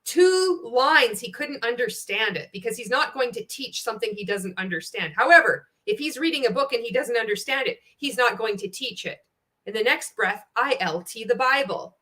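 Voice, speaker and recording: A woman's voice: a little high, animated, normal speed, sharp tone. A woman giving a sarcastic, profane commentary, laughing often as she picks apart a video. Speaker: anti-MLM commentator. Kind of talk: casual ranting commentary.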